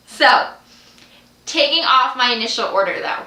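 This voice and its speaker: A young woman vlogging straight to camera, gushing with excitement and often repeating herself. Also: fairly high pitch, normal speed, echoey room. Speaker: vlogger, clothing sales consultant. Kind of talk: excited direct-to-camera vlog.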